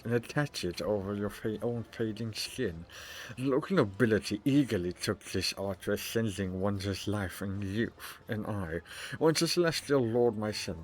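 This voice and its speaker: A man voicing a pompous, flattering male noble governor in a game, with a grandiose, courtly delivery in a low voice. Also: lightly acted, poor audio.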